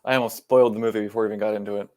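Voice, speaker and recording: A man's voice: fairly low pitch, little pitch movement, very fast, warm tone, slight background noise. A man co-hosting a horror film podcast, trading dry, teasing banter in casual chat. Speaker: podcast co-host.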